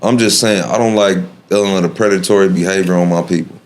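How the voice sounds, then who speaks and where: A man with a very low voice speaks as a podcast guest, blunt and worked up. He talks in street slang and swears freely, in a loose, casual style. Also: steady tone, a little fast. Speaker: podcast guest, cannabis brand founder.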